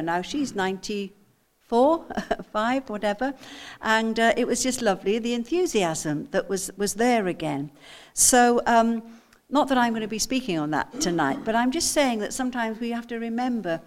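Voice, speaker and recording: An older woman delivers a sermon to her congregation at a middle pitch. She speaks reflectively and circles back on her phrases, often tossing rhetorical questions to the listeners. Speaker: pastor.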